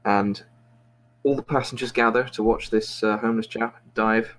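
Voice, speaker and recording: A man's voice: fairly low pitch, steady tone, moderate pace, a bit bright. A man, a podcast host, telling a long joke in a rambling, self-mocking way with many restarts.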